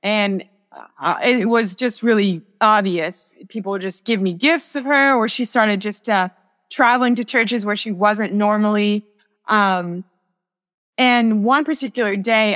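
A woman's voice: medium pitch, a bit bright, big-room sound. A young woman, a sacred artist, speaking as a guest in a podcast interview, telling a personal faith story in an earnest, reflective way with many restarts.

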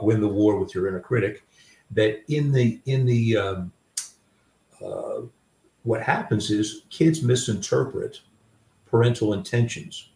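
Here a grandfather and author appears as a guest, sharing personal stories conversationally in a self-deprecating, reflective way full of fillers and false starts. His voice sits lowish with a darkish tone. The recording sounds roomy, and he's somewhat far from the microphone.

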